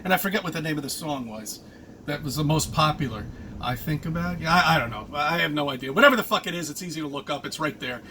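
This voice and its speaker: A high-voiced man hosts his own channel and rants straight at his viewers. His tone is bright and forceful, full of profanity and sudden outbursts. A faint ambient hiss sits behind him. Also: animated, fast talker. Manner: angry, profane and preachy, with sudden loud jumps and laughs. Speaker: channel host. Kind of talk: ranting monologue to camera.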